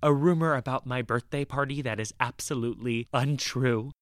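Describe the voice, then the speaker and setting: A man's voice: mid-range voice, normal speed, no echo, studio quality. A man hosting a talk show, teasing in casual chat and laughing easily. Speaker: podcast host. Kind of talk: casual chat and scripted intro.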